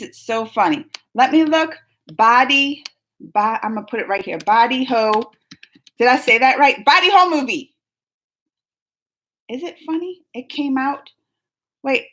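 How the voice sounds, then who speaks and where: A woman in her forties hosting a live stream, chatting casually and teasingly with viewers as she reads their messages. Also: high voice. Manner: animated, teasing, talks straight to chat readers. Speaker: live-stream host reading chat.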